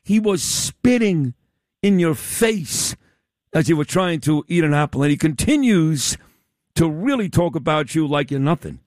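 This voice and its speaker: A talk radio host with a fairly high voice that swoops up and down as he leans hard on key words. He sounds close and dry, with no room echo. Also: animated, unhurried, darkish tone. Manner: emphatic, sweeping pitch swings, teasing. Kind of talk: opinionated talk radio interview.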